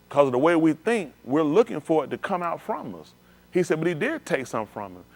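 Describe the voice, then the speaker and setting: A man preaching a sermon, animated, swinging between low murmurs and loud exclamations. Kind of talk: sermon with live demonstration. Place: synagogue hall.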